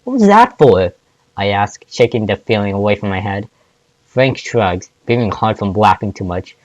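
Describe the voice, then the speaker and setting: A man's voice: lowish voice, steady tone, moderate pace, no echo. A man reading fan fiction aloud, often stumbling and restarting words. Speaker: fanfic reader.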